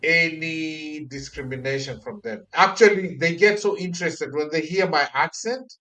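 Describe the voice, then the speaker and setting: Animated male storyteller, slightly high voice. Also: normal speed, soft background music, poor audio. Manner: animated storytelling, repeats phrases. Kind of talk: casual chat.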